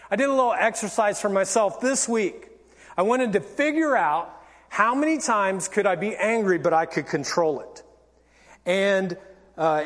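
A male pastor giving an animated, theatrical sermon, acting out everyday examples. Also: sits high. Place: church sanctuary. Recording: long church reverb.

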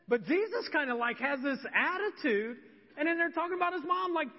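A man's voice: very high voice, big pitch swings, normal speed. A male pastor preaching a sermon in a church, telling stories animatedly and acting out scenes. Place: church sanctuary. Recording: dull recording with long church reverb.

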